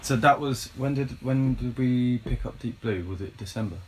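A man's voice: medium pitch, moderate pace, a little hiss or hum. A man in a band, talking thoughtfully with many likes and ums as a guest in a casual chat.

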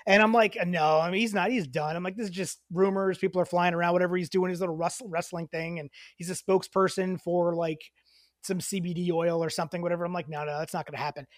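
A man co-hosting a casual podcast, telling stories in an animated way, swearing and rising in pitch when riled. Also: quick pace, dry recording, studio quality. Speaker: podcast co-host.

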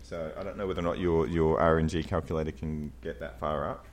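Man, very deep voice, podcast co-host, rambling, hesitant. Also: flat delivery, fast. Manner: rambling, hesitant, laughs while talking. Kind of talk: casual podcast chat.

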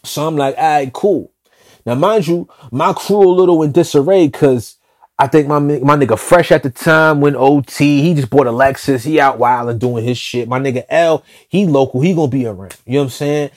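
A man telling a street story in a slangy, profane, animated way, often restarting his sentences. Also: fairly high pitch, moderate pace, dry recording, studio quality.

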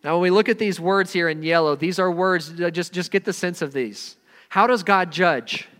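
High-voiced preacher in a reverberant hall. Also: male voice, moderate pace. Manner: earnest, emphatic, swings between loud stresses and quiet drops. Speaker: pastor. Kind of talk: sermon.

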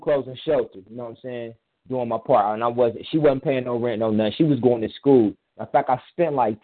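A man in casual chat, telling a personal story in a rambling, emphatic way with frequent restarts. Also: medium pitch. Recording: tinny phone-line sound.

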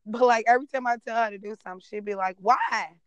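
A woman's voice: fairly high pitch, steady tone, very fast, lo-fi sound, a little hiss or hum. A woman in her thirties co-hosting a casual chat from her car, blunt and profane, laughing often. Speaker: podcast co-host.

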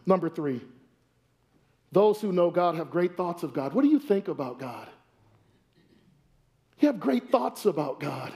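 A male pastor preaching a sermon in a church, animated, asking many rhetorical questions and stumbling into restarts. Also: high voice, measured pace, long pauses. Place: church sanctuary. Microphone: wears a microphone.

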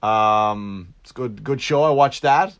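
Rambling, profane Irish podcast host. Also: male voice, takes it slowly, fairly bright tone, clean tone. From Ireland. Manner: rambling, profane, self-mocking, jumpy pitch. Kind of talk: casual solo podcast monologue, comedic. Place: Long Island home.

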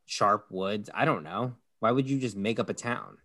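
A man with a New Jersey accent, co-hosting a podcast, talking loudly and acting out quotes in casual chat. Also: on the low side, moderate pace. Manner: loud, animated, acts out quotes. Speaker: podcast co-host.

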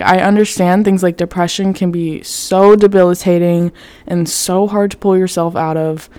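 A woman's voice: lowish voice, mellow, dry recording. A young woman hosting a casual self-help podcast, talking candidly, swearing freely and peppering her speech with "like". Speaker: podcast host.

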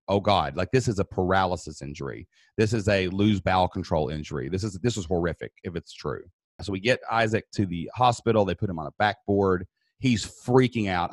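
A man's voice: lowish voice, dry recording, clean studio sound. A man in his thirties, a podcast guest, telling an emotional personal story in an earnest voice that builds in intensity.

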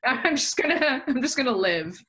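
A woman guest chatting casually on a podcast, full of "like" fillers and quick to laugh. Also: high voice, animated, a bit bright.

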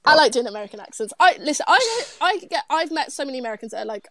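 Chatty high-voiced British young woman. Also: big pitch swings, very fast, pushed and bright, dry recording. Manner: chatty, giggly, many fillers. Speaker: podcast co-host. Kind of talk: casual podcast chat.

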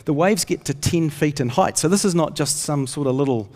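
A pastor delivers a sermon with a fairly high, slightly darkish male voice at a somewhat quick pace. He tells stories earnestly and raises his voice whenever he reads scripture, and a long hall reverb surrounds the recording.

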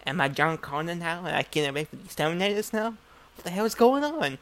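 A man's voice: a little high, brisk, fairly bright tone. A man telling a rambling, profane story and acting out every line of dialogue. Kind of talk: casual spoken storytelling.

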